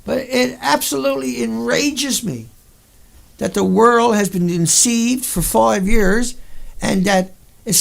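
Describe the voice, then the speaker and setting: A man's voice: high-pitched, creaky. A man hosting a video, delivering an angry monologue over pictures in a furious, profane rant full of sudden outbursts. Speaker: video host.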